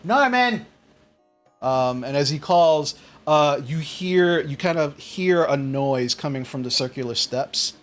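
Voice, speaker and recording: A man's voice: on the high side, measured pace, few pauses, faint music behind. A man narrating a tabletop game as game master, rambling with restarts. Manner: rambling, full of fillers and restarts.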